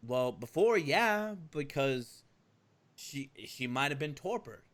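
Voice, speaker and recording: A man's voice: mid-range voice, expressive, slow pace, a bit bright. A man playing a tabletop role-play game, talking in a casual, profane way. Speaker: player.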